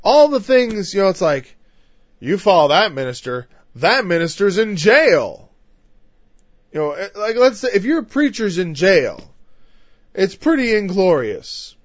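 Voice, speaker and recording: A man's voice: high voice, big pitch swings, measured pace, dry recording. A man delivers a conversational sermon, his slightly raised voice growing more emphatic as he runs through lists. The recording is muffled and lo-fi. It is also dry, with no room sound behind him. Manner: emphatic, climbing louder through lists, with frequent "you know" asides. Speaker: preacher. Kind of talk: conversational Bible-teaching sermon.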